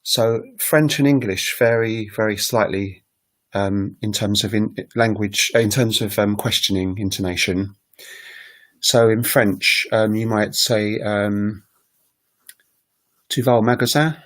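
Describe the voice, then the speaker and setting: Casting: man, lowish voice, casual livestream host explaining languages, loose and halting, acts out example phrases. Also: steady tone, fairly bright tone. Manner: rambling, full of ums and self-corrections; demonstrates phrases aloud. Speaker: language learning streamer.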